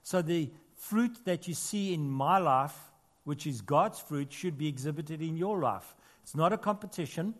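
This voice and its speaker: A man preaching to his congregation, his voice pitched a little above the usual. He speaks earnestly, lifting to strong, emphatic peaks and then sinking into quiet, close asides. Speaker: pastor. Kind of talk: sermon. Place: church.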